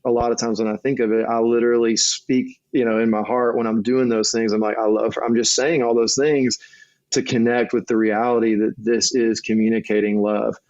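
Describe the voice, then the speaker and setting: A man's voice: mid-range voice, little pitch movement, a little fast, a little mellow, no echo. A middle-aged man, a marriage coach and guest, talking earnestly in a casual conversation with frequent restarts, on a dull lo-fi recording.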